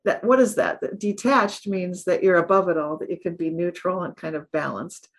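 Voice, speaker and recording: A woman guest author in a casual interview, calmly explaining ideas. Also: fairly low pitch, moderate pace.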